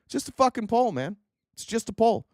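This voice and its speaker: A man's voice: sits high, sing-song, brisk, no echo, studio quality. A man hosting a political commentary livestream, ranting with exasperation and profanity as he reads out quotes and mocks them.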